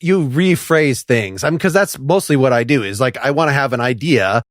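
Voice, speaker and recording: A man's voice: mid-range voice, moderate pace, no room sound, studio quality. A man hosting a music podcast, asking long, meandering questions in a casual, inquisitive way. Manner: inquisitive, rambling questions with frequent laughs. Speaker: podcast host. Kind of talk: casual interview chat.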